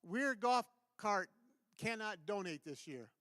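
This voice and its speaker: A man sharing an earnest, halting testimony and announcements at a church service. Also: high-pitched, lively intonation, bright, forceful tone, no room sound. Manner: earnest, enthusiastic, halting with restarts. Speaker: church member giving announcements. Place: church sanctuary.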